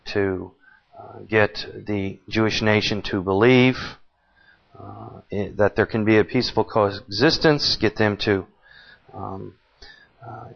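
Slow, deliberate male Bible preacher. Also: fairly low pitch. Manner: slow and deliberate, with frequent uh pauses. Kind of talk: Bible teaching sermon. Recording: dull lo-fi recording.

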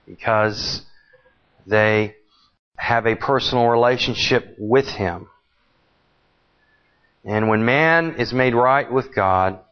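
Male preacher teaching scripture, unhurried and halting, dull old recording. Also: lowish voice. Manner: slow and deliberate, with frequent uh pauses. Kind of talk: Bible teaching sermon.

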